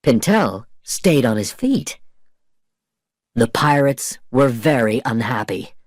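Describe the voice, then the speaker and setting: A man narrating a simple story for English learners at a very slow, careful pace. His delivery is clear and lively, with a wide rise and fall in pitch. The recording is dry and close. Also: no room sound.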